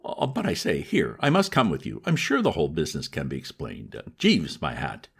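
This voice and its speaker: A man reading aloud, voicing a flustered, excitable young upper-class gentleman in a raised voice. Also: a little fast, gravelly, husky, exaggerated voice. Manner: high, breathless and excitable.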